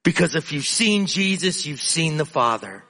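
A man's voice: on the high side, animated, moderate pace, pushed and bright. A male preacher giving an earnest, emphatic sermon, often repeating words as he builds his points.

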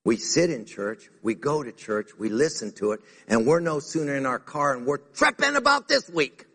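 A man preaching a sermon to a church congregation in an animated way, acting out the words he quotes. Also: fairly high pitch, normal speed, creaky, few pauses, husky. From United States. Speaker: pastor. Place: church sanctuary. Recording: reverberant hall.

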